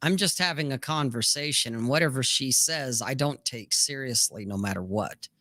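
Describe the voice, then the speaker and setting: A man's voice: mid-range voice, normal speed, pushed and bright, dry recording. A man in casual podcast talk, blunt and profane, who acts out both sides of conversations as he talks.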